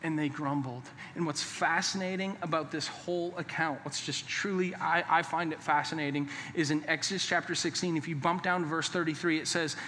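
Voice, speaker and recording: A pastor preaching a sermon in a church, emphatic and conversational, sometimes dropping to a hushed, earnest tone. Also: male voice, on the high side, fairly even intonation, fairly quick, few pauses, a little hiss or hum. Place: church sanctuary. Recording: long hall reverb.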